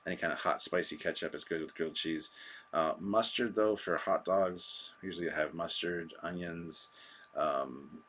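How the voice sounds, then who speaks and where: A man's voice: low-pitched, fairly even intonation, normal speed, a bit bright. A man hosting a live stream, chatting casually and rambling through viewer comments with a self-deprecating manner.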